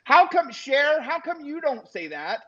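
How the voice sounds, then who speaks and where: A man's voice: very high voice, very animated, unhurried, fairly bright tone. A man hosting a live stream in casual chat, talking to his viewers in an emotional, chatty way. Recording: dull lo-fi stream audio.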